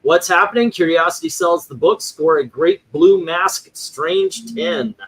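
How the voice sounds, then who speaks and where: A man's voice: sits high, animated, a little slow, a bit bright, husky, rough recording. A man hosting a casual chat, rambling through his points with lots of fillers and restarts. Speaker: host.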